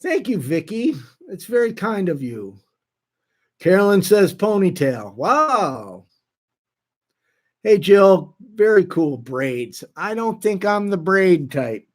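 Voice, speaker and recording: A man hosting a live stream, reading out viewer comments in a casual, halting way with frequent restarts. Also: high voice, sing-song. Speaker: livestream host reading chat.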